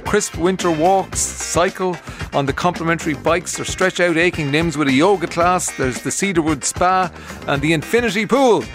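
Chatty Irish man on radio. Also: on the high side. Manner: relaxed, chatty, frequent "uh" fillers. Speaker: radio show host. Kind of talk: casual radio chat and reading listener messages. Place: radio studio.

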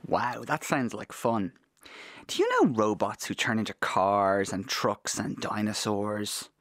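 Kids' show host, man, lower voice, animated delivery, jokey patter. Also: a little slow, no echo, studio quality. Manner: jokey, animated, reads rhymes aloud. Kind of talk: playful scripted presenting.

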